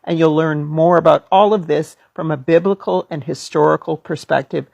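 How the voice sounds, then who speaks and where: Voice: mid-range voice, steady tone, moderate pace, gravelly, darkish tone, dry recording, highs cut off. A speaker politely but firmly correcting someone and pointing to their own channel. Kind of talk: comment to a viewer.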